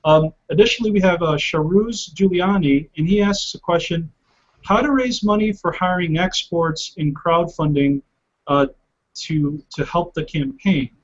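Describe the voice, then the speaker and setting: A man hosting a live web show, reading viewer questions with many fillers and pauses. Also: fairly high pitch. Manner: hesitant, filler-heavy, reads from the screen. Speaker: host. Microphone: video call. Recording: lo-fi video call audio.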